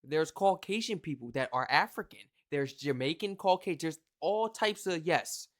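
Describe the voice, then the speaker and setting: American accent, reaction host, casual commentary, swooping expressive pitch, exclaiming, slangy. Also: normal speed. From United States. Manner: animated, exclaiming, slangy asides.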